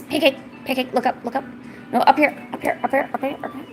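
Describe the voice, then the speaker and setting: A young woman streaming, coaxing and teasing her cat in a playful, high-pitched baby-talk voice. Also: expressive, fast, creaky, a little hiss or hum. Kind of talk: live-stream chat.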